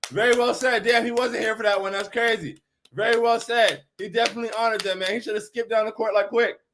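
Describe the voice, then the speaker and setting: A man's voice: sits high, steady tone, fast talker, background noise. A man hosting a postgame fan stream, reading chat messages aloud and reacting in a hyped, emphatic voice that repeats lines for effect.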